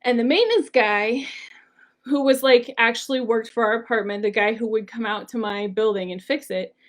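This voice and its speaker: This personality coach, a young adult woman, tells stories in a relaxed, chatty way while leading a workshop lesson. Her voice is fairly high and her speed normal, and "like" and "um" come up frequently.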